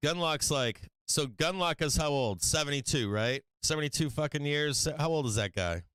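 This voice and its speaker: Smooth-voiced man riffing on stocks. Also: on the high side, lively intonation, normal speed, fairly bright tone, dry recording. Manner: rambling, mocking, swears often, talks to viewers. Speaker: stock market live stream host. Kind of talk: casual profane market chat.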